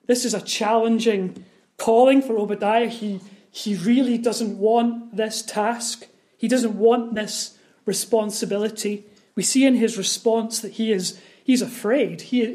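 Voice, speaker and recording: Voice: medium pitch, a little mellow. A preacher giving a sermon on a Bible passage, earnest and prone to repeating words and asking the congregation rhetorical questions.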